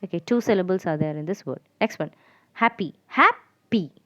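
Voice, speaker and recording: Lady teacher going over syllables slowly for kids, dry close sound. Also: lowish voice, darkish tone, dry recording. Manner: slow, repetitive, spelling out letters. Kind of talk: classroom lesson for children.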